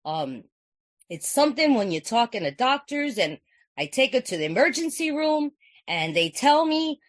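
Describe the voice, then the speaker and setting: A woman's voice: fairly high pitch, big pitch swings, moderate pace, no room sound. Earnest woman sharing at a recovery meeting. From California. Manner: earnest, repetitive, conversational, with frequent "you know what I'm saying". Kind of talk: personal share at a recovery meeting.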